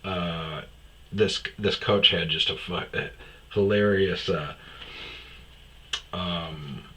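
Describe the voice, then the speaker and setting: A lower-pitched man with a bright, forceful edge, telling rowdy anecdotes. He swears constantly and jumps into loud acted-out dialogue. The delivery is casual and comic. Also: steady tone, takes it slowly. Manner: acts out quoted exchanges in raised voice. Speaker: podcast host. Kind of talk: casual comedic storytelling.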